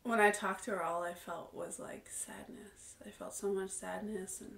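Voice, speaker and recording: A young woman speaks in an earnest, candid way, leaning on fillers as she reflects out loud. Her voice sits at an ordinary middle pitch. The room rings with a noticeable echo. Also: steady tone, moderate pace, gravelly. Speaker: vlogger. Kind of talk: casual reflective monologue. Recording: roomy echo.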